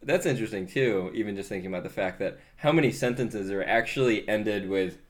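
A man's voice: lowish voice, brisk. A teenage American man in casual chat, rambling with many fillers and restarts and laughing often. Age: teens.

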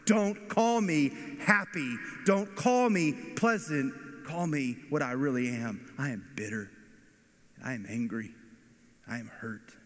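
A man's voice: mid-range voice, a little slow, long pauses, pitched below the performer's own voice, natural voice. A man voicing a grieving, bitter older woman in an emphatic lament, heard in a reverberant hall.

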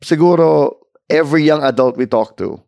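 A man's voice: on the high side, normal speed, creaky, a little mellow, no room sound, studio quality. A man with a Filipino accent co-hosting a podcast, chatting casually and switching between English and Tagalog. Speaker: podcast co-host. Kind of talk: casual chat.

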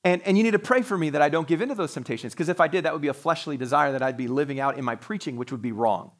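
A man's voice: a little high, very fast. A man preaching a sermon to his congregation as pastor, talking in a conversational way with joking asides. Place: church sanctuary, live-streamed service.

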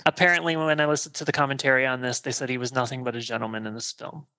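Bright, effusive man chatting about movies. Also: medium pitch, fairly even intonation, very fast. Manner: effusive and gossipy, lots of "like". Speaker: podcast co-host. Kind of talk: casual movie podcast chat.

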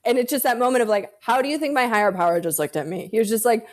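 A woman's voice: fairly high pitch, lively intonation, racing, few pauses. A woman talking casually as a podcast guest, candid and swearing freely as she tells stories. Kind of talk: casual chat.

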